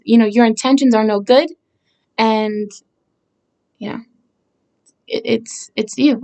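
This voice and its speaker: A woman's voice: on the high side, a little mellow. A woman songwriter talking casually about her own song, hesitant and searching for words with many fillers and restarts, earnest and reflective. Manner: reflective and earnest, with short laughs.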